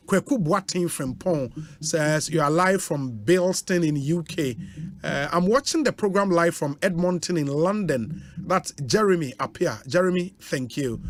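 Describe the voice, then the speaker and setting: Ghanaian man reading out listener greetings. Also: a little high. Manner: chatty, warm interjections and laughs between names. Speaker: radio host.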